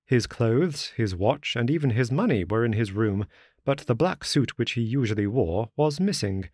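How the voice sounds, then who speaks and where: A man's voice: mid-range voice, animated, a little mellow, dry recording. Man reading a classic story, dry sound. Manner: measured storytelling. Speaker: audiobook narrator. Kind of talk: scripted narration.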